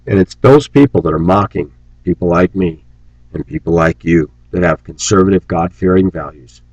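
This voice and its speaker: A man's voice: darkish tone, no room sound, rough recording. A man delivering an angry, preachy rant on his vlog, scornful and sarcastic. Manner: mocks opponents in shrill put-on voices. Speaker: vlogger.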